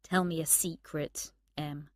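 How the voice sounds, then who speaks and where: A woman reading aloud and voicing an arrogant young man who speaks softly and gently. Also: low-pitched, fairly even intonation, slow pace, dry recording, clean studio sound. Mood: coaxing. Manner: soft, gentle. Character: young man, arrogant, self-centred charmer.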